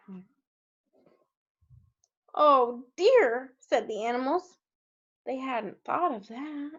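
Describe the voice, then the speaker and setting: A woman, a kindergarten teacher, reading a storybook aloud to young children and gently asking them questions along the way. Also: medium pitch, creaky. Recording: dull lo-fi recording.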